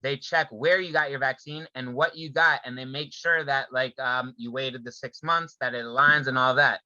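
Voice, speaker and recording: A man's voice: mid-range voice, steady tone, normal speed, pushed and bright, dry recording, muffled recording. A man co-hosting a podcast, talking casually and loosely with fillers, asking pointed questions. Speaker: podcast co-host. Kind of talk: casual chat.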